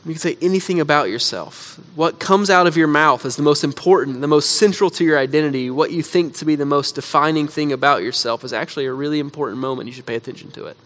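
A man, a pastor, preaching a sermon in a casual storytelling way, often saying "like," then dropping to quiet, earnest emphasis. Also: a little high, fast talker, hardly any pauses. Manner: conversational storytelling with frequent "like".

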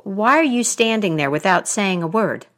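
A woman's voice: mid-range voice, lively intonation, moderate pace, close to an everyday voice. A woman storyteller voicing a fearsome old witch who speaks sharply and bluntly. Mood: stern. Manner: sharp and commanding.

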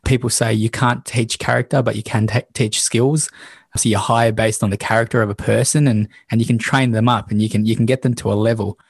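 A man hosts a faith podcast with a low, steady voice. He draws his guest out with encouraging summaries before each question. The recording is close and dry. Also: brisk, husky, no room sound. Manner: encouraging, sums up and leads with questions. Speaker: podcast host. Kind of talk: casual interview.

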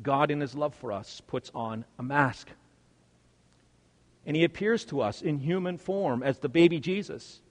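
A male pastor preaching a sermon, swinging from loud, stressed words to hushed, quiet lines. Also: a little high, expressive, moderate pace, few pauses, big-room sound.

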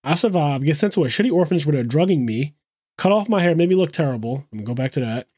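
Man, fairly high voice, animated casual retelling, dry close recording. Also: slightly rough, no echo. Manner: animated retelling, quick asides, frequent swearing. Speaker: podcast co-host. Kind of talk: casual chat.

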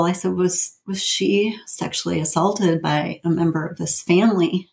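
A woman in her fifties with a notably low voice tells a personal story. She speaks haltingly, with plenty of fillers and nervous little laughs. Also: steady tone, a little mellow. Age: 50s. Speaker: guest telling her family story.

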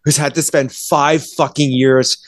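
A man's voice: on the high side, steady tone, measured pace, no echo, clean studio sound. A man in a casual podcast chat, ranting with exasperation about a movie, swearing often and acting out characters' lines. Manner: exasperated, profane, acts out characters in quoted voices. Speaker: movie reviewer.

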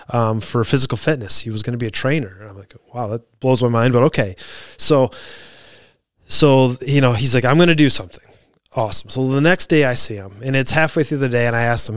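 A man's voice: mid-range voice, clear, resonant tone, no room sound, clean studio sound. A man, a fire officer, giving an earnest motivational talk built on stories from training new firefighters, often restarting his sentences. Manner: earnest, repeats and restarts, gets heated retelling.

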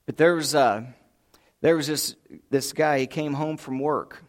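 A man's voice: on the high side, fairly even intonation, unhurried. A man preaching a sermon, a folksy storyteller who acts out voices and chuckles. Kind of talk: sermon with humorous stories. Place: church sanctuary.

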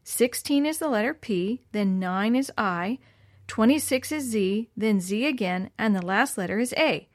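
A woman reading the lines of an excitable young boy in a storybook, with a lifted, dry delivery. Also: a little high, a little slow, no echo. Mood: lively.

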